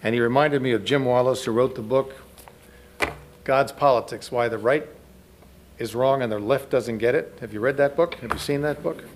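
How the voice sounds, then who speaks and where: A man's voice: medium pitch, moderate pace, slight background noise. Conversational man lecturing an audience. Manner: conversational, asks the audience questions. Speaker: lecturer speaking to a church audience. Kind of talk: spoken lecture to a live audience.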